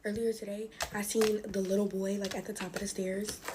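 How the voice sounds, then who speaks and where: A woman's voice: mid-range voice, flat delivery, a little fast, noisy background. A young woman from the United States, casually telling scary stories at home while playing with slime, talking expressively and calling her viewers y'all. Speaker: storyteller. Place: indoors at home.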